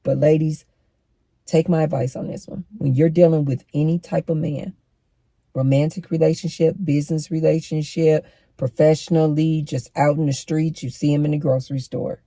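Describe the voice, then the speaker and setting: A woman's voice: deep voice, steady tone, moderate pace, dark tone, dry recording. A middle-aged woman giving relationship advice straight to her viewers, emphatic and preachy. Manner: emphatic, preachy, direct address to women. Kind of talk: advice monologue to camera.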